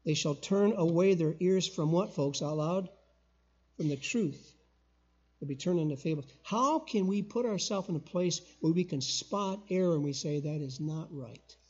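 An older man preaching a sermon as a guest pastor in a church, emphatic, with loud call-and-response bursts. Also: fairly high pitch, normal speed, husky, lo-fi sound. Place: church sanctuary.

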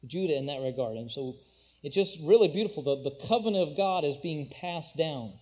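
A high-voiced man preaching a sermon, his delivery climbing loud and high on key points, then sinking low and soft. He slows right down to read scripture in old-fashioned wording. The recording is dull and lo-fi. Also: lively intonation. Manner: swells loud and high on key phrases, drops low and quiet between. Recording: dull, lo-fi sound.

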